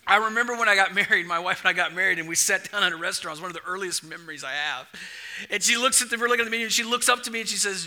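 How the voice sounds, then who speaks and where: High-voiced animated male preacher. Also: fast. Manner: animated storytelling, acts out dialogue. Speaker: pastor. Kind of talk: sermon.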